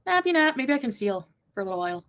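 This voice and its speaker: A woman's voice: mid-range voice, rapid-fire, a little mellow. A woman co-hosting a livestream, reading the chat aloud in a playful, teasing way and tossing in French phrases.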